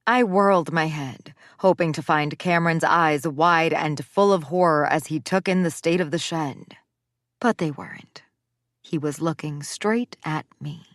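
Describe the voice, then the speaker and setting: A woman narrates an audiobook in the first person, giving the lines expression. Her voice sits on the low side. The sound is dry and close, with no room around it. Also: a little slow, no room sound.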